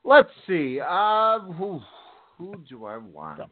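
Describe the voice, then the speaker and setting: A man joining a podcast as a guest in casual chat, hesitant and halting as he talks. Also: high voice, very animated. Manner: hesitant, halting, full of restarts. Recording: tinny phone line.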